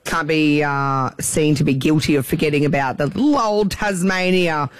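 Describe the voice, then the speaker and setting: A man's voice: on the high side, normal speed, soft background music. A man with an Australian accent co-hosting breakfast radio, chatting in a rambling way. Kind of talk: casual radio banter.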